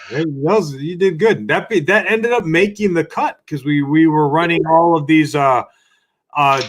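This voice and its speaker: A man co-hosting a casual livestream, upbeat and halting with restarts. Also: a little high, a bit bright. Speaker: livestream co-host.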